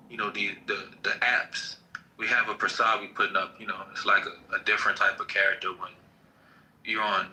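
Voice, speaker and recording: A man from New Orleans talking in a laid-back, unhurried way as a guest on a live online chat. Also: on the low side, pushed and bright, a little hiss or hum, rough recording. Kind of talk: casual chat.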